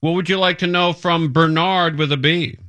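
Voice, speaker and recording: A man hosting a live talk radio show, teasing guests and callers with quick joking asides. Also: a little high, steady tone, sharp tone, no echo.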